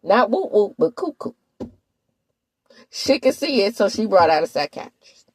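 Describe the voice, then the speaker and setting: Sassy, lively woman gossip host. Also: mid-range voice, a little slow, slightly rough, dry recording. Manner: sassy, animated, talks straight to viewers. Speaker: gossip commentator. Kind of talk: casual reality TV recap.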